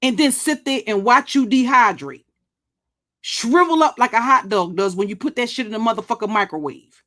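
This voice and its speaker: Older woman, pitch a bit high, profane, threatening, restarts and stammers. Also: expressive, normal speed, pushed and bright. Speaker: YouTube commentary channel host. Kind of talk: blunt monologue vlog.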